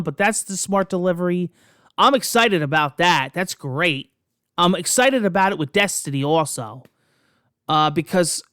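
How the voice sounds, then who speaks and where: A gaming video host chatting excitedly about console news, rambling through restarts and scoffing at critics. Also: mid-range voice, no room sound, clean studio sound. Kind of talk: casual gaming news vlog.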